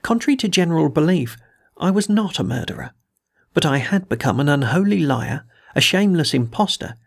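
A man reading a first-person adventure story aloud in a measured, dramatic way, giving the dialogue some voice. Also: a little high, animated, creaky, husky. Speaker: audiobook reader.

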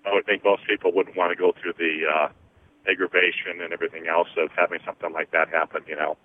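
A man hosting a call-in radio show, slowly counting through energy clearings and explaining them with many fillers. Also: low voice, little pitch movement. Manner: slow, deliberate counting with frequent fillers. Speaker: host, energy healer. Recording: tinny phone-line radio sound.

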